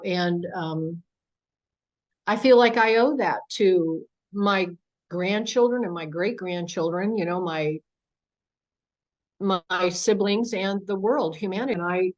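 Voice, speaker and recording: An older woman giving a talk about her own experiences, telling the story with animation and acting out the dialogue. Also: mid-range voice. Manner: animated storyteller who acts out quoted dialogue. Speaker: guest speaker. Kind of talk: personal account told to an audience. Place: home podcast studio.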